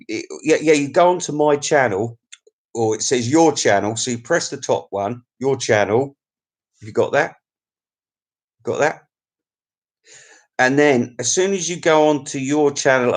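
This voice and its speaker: A man chatting on his own live stream into a desk mic. He rambles cheekily and crudely between viewer comments, laughing often. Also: mid-range voice. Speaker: YouTube live-stream host.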